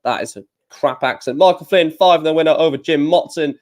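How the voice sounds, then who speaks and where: A man's voice: on the high side, brisk, a little mellow. Chatty man reading darts scores. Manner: chatty, reads out scores and chat, many fillers. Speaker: live stream host. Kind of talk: casual live-stream commentary.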